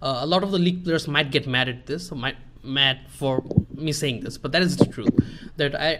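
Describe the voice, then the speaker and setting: Fast-talking man, code-switching. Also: fairly high pitch, very noisy. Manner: fast, switching between English and Bengali, many fillers. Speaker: podcast host and coach. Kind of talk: casual streamed chat.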